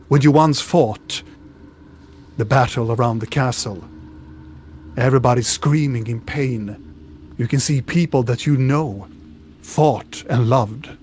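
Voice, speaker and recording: A man narrates as game master at an unhurried pace, painting each scene detail by detail. He often stops and restarts his sentences mid-thought. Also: mid-range voice, darkish tone, a little hiss or hum. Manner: descriptive, with restarts.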